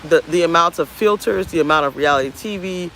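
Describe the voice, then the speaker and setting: A woman's voice: on the low side, fairly quick, poor audio. A woman in her thirties chats to the camera in a loose, rambling way, getting fired up as she goes. She talks outdoors on a beach, with a faint hum of outdoor sound behind her. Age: 30s. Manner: candid, rambling, animated. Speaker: vlogger. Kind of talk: casual talk to camera.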